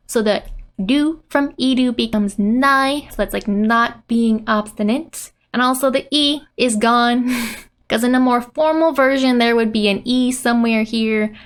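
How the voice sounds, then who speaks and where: A woman giving a casual language lesson, often laughing and playfully reading out lines from a comic. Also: fairly high pitch. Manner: giggly, reads out character lines with playful voices. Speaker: Japanese teacher.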